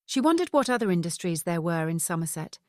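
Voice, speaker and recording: Low, steady woman audiobook narrator. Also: quick pace, dry recording, clean studio sound. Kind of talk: scripted narration.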